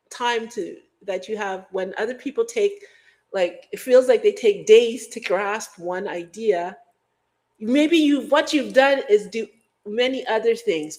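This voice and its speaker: A middle-aged Guyanese woman hosts a livestream at medium pitch, rambling through casual chat and breaking into hummed beats and mock voices.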